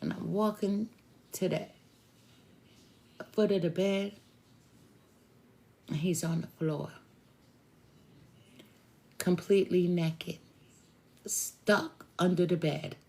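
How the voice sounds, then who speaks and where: A woman tarot reader telling a personal story to her viewers in a slow, drawn-out conversational way, with sighs. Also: lowish voice, steady tone, creaky, dark tone.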